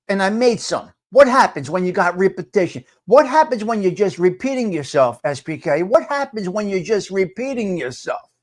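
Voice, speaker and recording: Loud, animated older male stream host. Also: high-pitched, normal speed. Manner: loud, emphatic, repeats points for effect. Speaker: livestream host. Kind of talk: live morning talk stream, greeting chat viewers.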